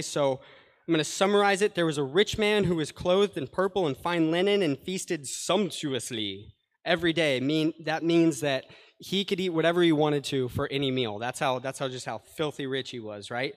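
A man preaching a sermon, earnest and conversational, adding plain paraphrases and asides to the scripture he reads. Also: on the high side. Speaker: pastor. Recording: long hall reverb.

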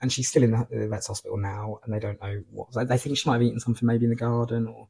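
A man's voice: medium pitch, little pitch movement, very fast, creaky, darkish tone, breathy edge. A man, co-hosting a local podcast in a chatty, rambling, playful way. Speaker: podcast co-host. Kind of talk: casual chat and mock news reading.

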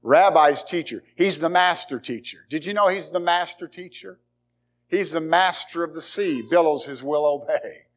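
Man, pastor, sermon in a church, slightly high voice, conversational preaching, dramatic pauses. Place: church sanctuary.

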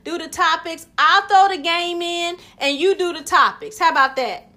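A woman's voice: extremely high pitch, moderate pace, pushed and bright. A woman hosting a podcast, teasing and laughing in casual chat, wrapping up the show. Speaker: podcast host.

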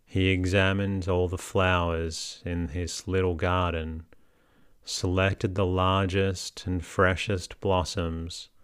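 A man narrating an audiobook in a measured, steady way. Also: deep voice, clear, resonant tone, no room sound, clean studio sound.

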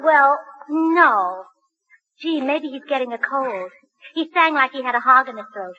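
A woman's voice: sits high, animated, a little slow. A woman in a 1940s radio comedy, talking in a ditzy, literal-minded way. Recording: muffled old radio recording with loud hiss.

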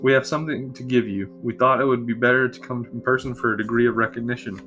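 A man's voice: medium pitch, steady tone, quick pace, a bit bright, faint music behind, lightly acted. Young prince, weary, bitter, sighing, formal when speaking to others, male reader. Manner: sighing, complaining.

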